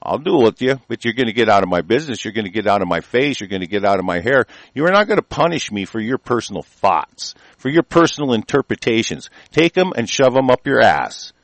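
A man's voice: medium pitch, big pitch swings, fairly quick, hardly any pauses, no echo, poor audio. A man delivering a heated, rambling political rant, stumbling over words and filling gaps with "uh" and "you know", with occasional profanity.

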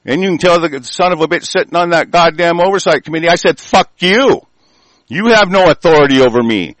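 Angry cursing american guy ranting, loud then muttering low, kinda high voice, dead dry sound. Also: quick pace, no echo, rough recording. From United States. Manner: profane, furious, swinging from loud outbursts to low muttering. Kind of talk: angry political rant.

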